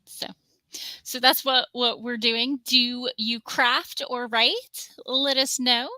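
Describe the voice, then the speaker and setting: A woman's voice: a little high, steady tone, takes it slowly, pushed and bright, no room sound. A woman hosting a casual livestream, talking in a chatty, rambling way and cooing at her cat now and then. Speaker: livestream host.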